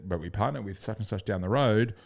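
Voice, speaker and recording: A man's voice: fairly low pitch, fast, creaky. A man coaching sales in a recorded lesson, blunt and upbeat, swearing casually and acting out customer calls.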